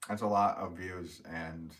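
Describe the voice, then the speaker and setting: A man's voice: low-pitched, fairly even intonation, unhurried. A man hosting a pottery livestream, chatting casually and reading viewer comments aloud in a laid-back way, chuckling often. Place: pottery studio, indoors.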